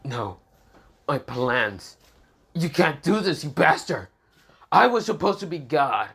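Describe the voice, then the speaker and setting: A man voicing a defeated male villain who shouts curses in rage. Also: medium pitch, fast talker, husky, close to an everyday voice. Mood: desperate. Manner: shouting and cursing.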